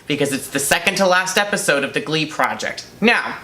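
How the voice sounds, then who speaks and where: A young man co-hosting a casual chat and telling a self-mocking story with animated energy. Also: a little high, a little fast. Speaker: co-host. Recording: echoey room, faint noise.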